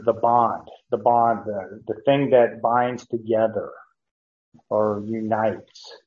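A man teaching verse by verse from the Bible, halting with many fillers and restarts, chuckling now and then. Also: on the low side. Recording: dull lo-fi recording.

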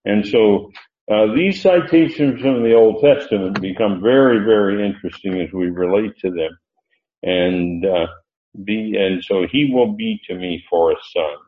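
A man teaching a Bible lesson, reading verses slowly and stressing key words, with frequent "uh" pauses. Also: fairly low pitch. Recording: roomy lo-fi recording.

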